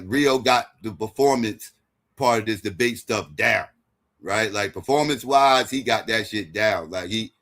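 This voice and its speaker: A man hosting and moderating a debate show gives a casual post-debate recap in a voice that sits on the low side and sounds a bit bright. He rambles, swears, keeps restarting his sentences, and repeatedly asks "right?"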